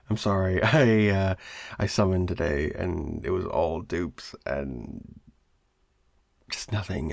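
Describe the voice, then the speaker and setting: A man's voice: lowish voice, creaky, a little mellow, slightly rough, dry recording, full character voice. A young man voicing a clingy, obsessive male roommate in an improvised audio roleplay, rambling and stammering with nervous laughs. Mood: unsettled, possessive.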